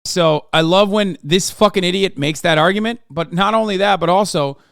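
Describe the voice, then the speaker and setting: Sarcastic, profane streamer, smooth voice. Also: male voice, high voice, normal speed, fairly bright tone, dry recording, studio quality. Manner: sarcastic and profane, talks to his chat. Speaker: streamer reacting to a video. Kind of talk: casual reaction stream.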